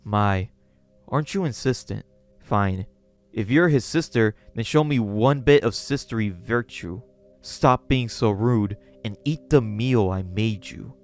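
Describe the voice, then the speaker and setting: A man's voice: on the low side, unhurried, soft background music, natural voice. A man voicing an obsessive gothic lolita woman who scolds sweetly and menacingly.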